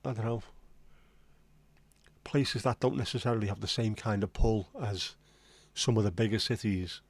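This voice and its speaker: A man's voice: fairly low pitch, normal speed, darkish tone, husky, no room sound. A man hosting a casual livestream chat, rambling and reading out viewer comments. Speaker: livestream host.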